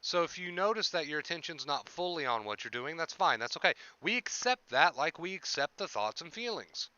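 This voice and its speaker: A man's voice: on the high side, big pitch swings, fairly quick, sharp tone, clean tone, no room sound, dull audio. A man coaching on anxiety during a live stream, speaking in an earnest, repetitive, reassuring way.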